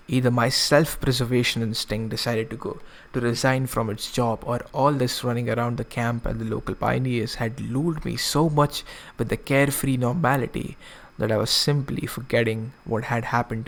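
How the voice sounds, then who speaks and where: A man's voice: medium pitch, steady tone, moderate pace, gravelly. A man streaming, reading a visual novel aloud and breaking off for casual asides. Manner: casual asides, self-correcting.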